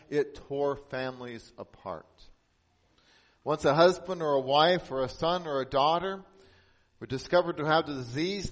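A man preaching a sermon as pastor, earnest, lifting his voice for emphasis and dropping soft and slow on key points. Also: a little high.

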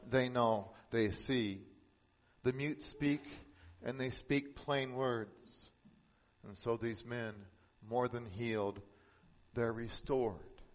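Here a pastor preaches with medium pitch and real earnestness. When he wants emphasis he lifts his voice, and on key points he goes quiet and slow.

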